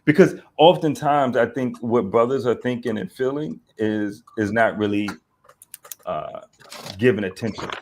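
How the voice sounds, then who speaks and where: A man hosting an online talk show at an ordinary middle pitch. He circles and restarts his thoughts, piling up fillers as he talks. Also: measured pace, darkish tone, slight background noise. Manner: rambling, many fillers and restarts, banters. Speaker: host.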